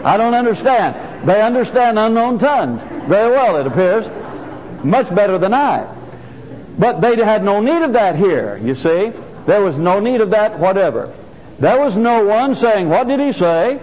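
Older preacher with a high, lively voice. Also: male voice, normal speed, long reverb tail, highs cut off. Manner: earnest preaching, repeats key phrases for emphasis. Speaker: pastor. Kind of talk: sermon. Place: church sanctuary.

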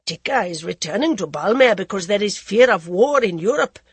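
A woman's voice: mid-range voice, lively intonation, normal speed, breathy edge, no room sound. A woman reading an audiobook, voicing a stern, commanding middle-aged king. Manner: stern and firm.

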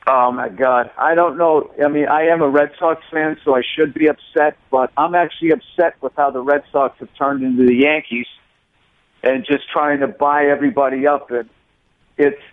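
Comedian guy telling road stories, does little voices, kinda high, tinny phone-line sound. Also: moderate pace, no echo. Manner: animated storyteller, acts out voices. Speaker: comedian guest. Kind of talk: casual interview chat.

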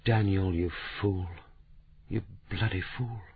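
A man voicing a grieving, indignant woman detective, soft and shaky one moment and high and reproachful the next. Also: animated, moderate pace, breathy edge, no echo, heavily acted. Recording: narrow, phone-like audiobook sound.

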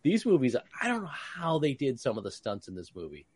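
A man co-hosting a podcast, talking in an animated way with many restarts. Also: mid-range voice, a little fast, breathy edge, no room sound. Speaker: podcast co-host. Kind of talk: casual chat.

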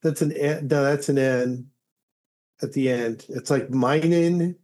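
A man's voice: medium pitch, slow pace, a little mellow. A man co-hosting a podcast, chatting casually and joking about a comic. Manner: joking, muses aloud. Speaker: podcast co-host. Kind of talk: casual chat.

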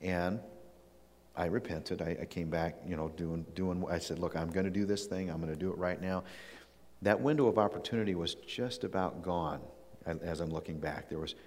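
A man's voice: sits low, moderate pace, darkish tone, long reverb tail. A man delivering a sermon in an earnest, personal way, telling his own story with frequent restarts.

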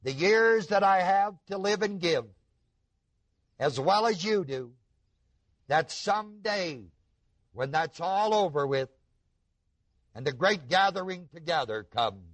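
A man preaching a sermon, slow and emphatic, asking his listeners rhetorical questions. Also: high voice, animated, dry recording.

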